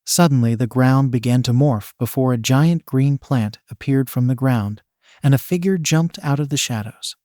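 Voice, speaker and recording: A man reads a fan fiction story aloud in a plain, even voice. His pitch sits in the middle range. The recording is dry and close to the mic. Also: normal speed, no room sound. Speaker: narrator.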